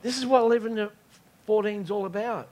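This preacher, a man with a remarkably high and slightly mellow voice, moves quickly through his sermon with real emphasis. Key lines get repeated, and he often pauses to make sure the room is still with him.

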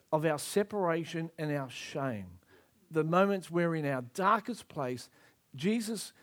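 Animated male preacher, high expressive voice. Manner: emphatic, acts out scripture scenes. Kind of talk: sermon.

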